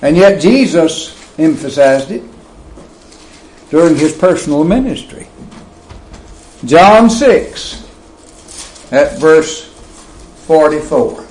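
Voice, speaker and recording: A man preaching a sermon, slow and emphatic, with wide swings of pitch and loudness. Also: animated, roomy sound, low-quality recording.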